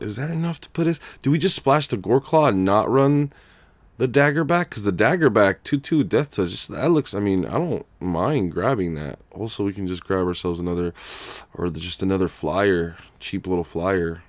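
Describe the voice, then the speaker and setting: This young man's live gameplay commentary is casual and slangy, punctuated by loud laughs and thank-yous as he reads donations aloud. He has a lowish voice with lively intonation at a normal speed, recorded dry.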